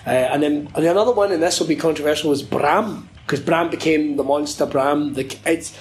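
A man's voice: on the high side, a little fast, low-quality recording. Rambling, laughing, cursing man. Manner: rambling, animated, laughs and swears often. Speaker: wrestling commentator. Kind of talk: casual podcast interview.

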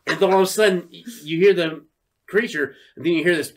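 Speaking in a high voice at a slightly fast pace, this man in his thirties co-hosts a podcast and tells a story full of swearing. He is animated and casual, performing the quoted lines.

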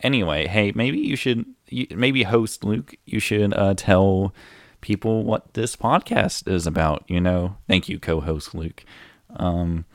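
Low, gravelly young man in joking banter. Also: unhurried, no room sound, clean studio sound. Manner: joking mock bickering, rambling with fillers. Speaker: podcast co-host. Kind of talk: comedic podcast banter. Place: indoor room, hosts facing each other.

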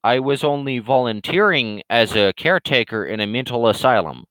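A man voicing a condescending male online troll, raised in pitch, slow and sanctimonious. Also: expressive, a bit bright, dry recording, close to an everyday voice, poor audio. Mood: smug lecturing.

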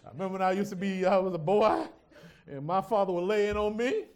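A male pastor preaching a sermon, swinging from hushed asides to loud shouts and teasing his congregation. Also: high-pitched, fast talker, clean tone.

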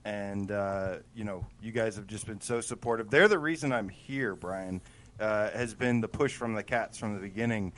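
A man's voice: on the low side, moderate pace, a bit bright. A man co-hosting a casual gaming news show, talking earnestly and enthusiastically, with casual swearing. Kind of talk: casual chat.

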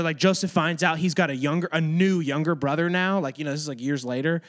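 A man's voice: on the high side, a little fast, fairly bright tone. A man giving a casual, chatty Bible lesson to a room of kids, talking to them directly. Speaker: youth or kids' ministry teacher. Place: room with children.

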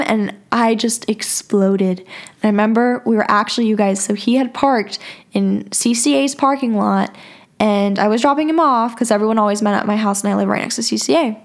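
A woman's voice: mid-range voice, moderate pace. A young woman telling a personal story on her podcast, chatty and casual, with plenty of filler words and swearing. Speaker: podcast host.

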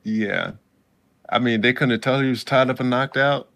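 A man's voice: mid-range voice, moderate pace, vocal fry, fairly bright tone. A man in casual chat as a podcast co-host, recapping an episode in a laid-back way and acting out characters' lines.

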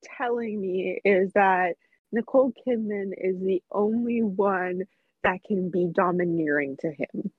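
A woman's voice: medium pitch, measured pace, slightly rough, no room sound, phone-quality sound. A woman co-hosting a casual podcast, wry and joking. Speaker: podcast co-host. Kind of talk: casual chat.

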